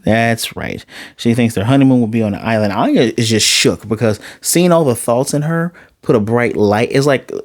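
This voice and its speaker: A man's voice: mid-range voice, moderate pace, no echo, studio quality. A man casually recapping an anime episode in his own voice, retelling it with energy and briefly acting out the characters' lines as he goes. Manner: animated, acts out characters' lines while retelling. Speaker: anime reviewer.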